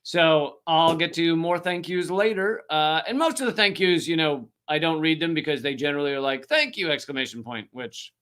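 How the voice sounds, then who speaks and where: A sarcastic man cohosting a loose comedy livestream. He swears freely and leans into deadpan jokes. His voice sits a touch high and comes out bright and forceful. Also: moderate pace, hardly any pauses, clean tone. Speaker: comedian and show host. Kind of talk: casual livestream chat, comedic.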